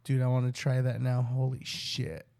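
A young man in casual chat, swearing and laughing, playing along with deadpan denials. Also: mid-range voice, moderate pace, gravelly.

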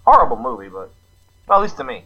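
A man's voice: medium pitch, sing-song, fast, slight background noise. A man co-hosting a casual gaming podcast, enthusiastic and rambling, laughing at his own jokes. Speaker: podcast co-host. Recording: dull lo-fi mic.

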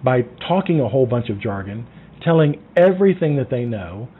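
A man giving sales coaching in a lively way, acting out phone calls and lowering his voice for effect. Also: fairly quick, slightly rough. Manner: animated, acts out phone calls, drops to a low voice. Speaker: sales trainer. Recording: tinny phone-like sound.

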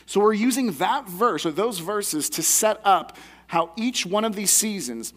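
A man with a notably high-pitched voice delivers a sermon. He speaks like a pastor teaching his congregation, in a conversational and earnest tone. He sounds like a young adult. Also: animated, unhurried, a bit bright.

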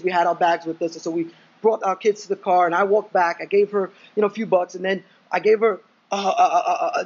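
A man's voice: high voice, dull audio. A young man preaching a sermon, drawing in the congregation with questions and acting out quoted voices. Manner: engaging, asks congregation questions. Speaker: pastor.

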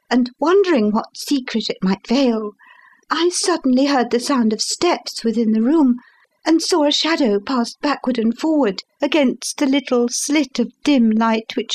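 A woman giving a measured, expressive first-person narration of a classic story as an audiobook reader. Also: on the high side.

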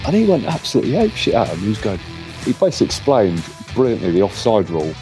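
A middle-aged man telling a lively story in casual chat, acting out what others said. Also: lowish voice, racing, faint music behind. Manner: animated storyteller, acts out quotes. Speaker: co-host.

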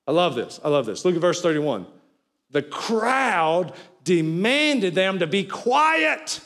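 Pastor, man, high voice, preaches loud then drops low, calls on the congregation to answer. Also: very animated, measured pace. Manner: swings between loud cries and low, quiet lines. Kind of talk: sermon. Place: church sanctuary with an audience, also streamed.

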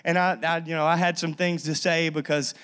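A man's voice: fairly high pitch, little pitch movement, brisk, a bit bright, clean tone. A young man, a pastor, preaching a sermon and telling a personal story with lots of energy, often restarting his sentences.

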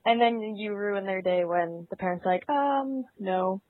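A woman co-hosting a casual podcast chat, animated and opinionated. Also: mid-range voice, normal speed, dry recording. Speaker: podcast co-host. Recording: dry, tinny phone-like sound.

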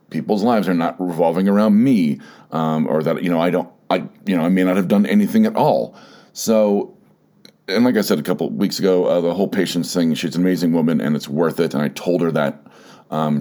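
A man's voice: sits low, darkish tone. A man hosting a solo podcast, rambling candidly and filling his talk with "like" and "you know," swearing now and then. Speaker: podcast host.

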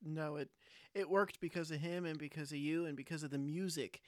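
A man's voice: fairly high pitch, fairly even intonation, a little fast, no echo, clean studio sound. A man hosting an interview, asking about the guest's career and affirming him often. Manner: affirming, admiring, frequent "mm-hmm". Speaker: podcast host. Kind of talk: interview questions.

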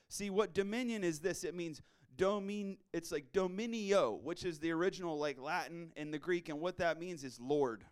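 Energetic, slangy man preaching a sermon. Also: a little high, normal speed, hardly any pauses, clear, resonant tone. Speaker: pastor. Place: church before a congregation.

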